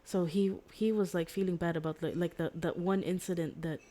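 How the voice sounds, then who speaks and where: Young woman streamer rambling thru a story, kinda low voice, says like a lot, giggly. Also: fairly quick. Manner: rambling, full of "like" and restarts; giggly, excitable. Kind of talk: casual chat retelling a story. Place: home streaming setup.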